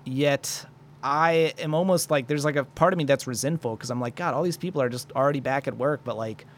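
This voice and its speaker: A man's voice: mid-range voice, fairly quick, slight background noise. A young man hosting a solo podcast, rambling and swearing into a microphone, joking at his own expense as he vents. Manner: rambling, profane, self-deprecating. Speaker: podcast host. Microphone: studio microphone.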